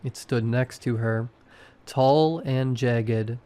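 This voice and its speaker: A man narrates a first-person horror story in short, clipped, tense sentences. He keeps a slow, unhurried pace. His delivery is steady and deliberate. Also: mid-range voice, clear, resonant tone.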